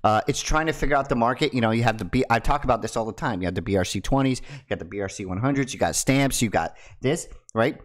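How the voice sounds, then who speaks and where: A young man talking casually to camera as a crypto YouTuber, teasing his viewers and dropping from loud bursts to hushed asides. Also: mid-range voice, quick pace, hardly any pauses.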